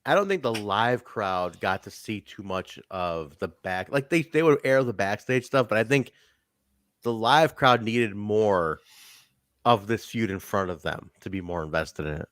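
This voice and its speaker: A man co-hosting a casual podcast that reviews wrestling shows. He talks in an animated way, swears freely and acts out quotes. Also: lowish voice, a little slow, dry recording, studio quality. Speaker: podcast co-host.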